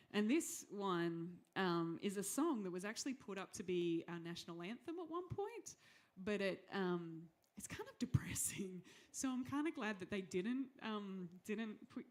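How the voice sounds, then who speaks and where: A young Australian woman talking to a live audience between songs, chatty and giggly with many ums. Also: medium pitch. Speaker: singer and performer leading a crowd. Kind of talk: casual stage banter with an audience.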